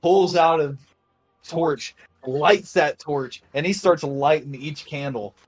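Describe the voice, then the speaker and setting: Young male game master, casual and halting. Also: fairly high pitch, slightly rough. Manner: casual, hesitant narration with many fillers. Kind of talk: narrating a tabletop game.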